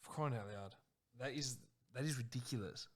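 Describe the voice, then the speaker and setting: A man co-hosting a podcast, answering his friend's story with short disbelieving reactions and quick questions. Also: medium pitch. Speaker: podcast co-host. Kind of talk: casual chat.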